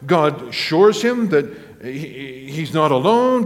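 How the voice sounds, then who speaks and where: High-voiced pastor preaching in a reverberant hall. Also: male voice, takes it slowly, few pauses. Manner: animated storytelling with acted quotes and chuckles. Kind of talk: sermon. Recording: long reverb of a large hall.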